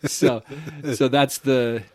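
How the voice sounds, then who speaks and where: A man hosting a podcast, chatting casually, opinionated and quick to laugh. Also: mid-range voice, fairly even intonation, a crowd in the background. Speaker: podcast host. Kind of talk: casual chat.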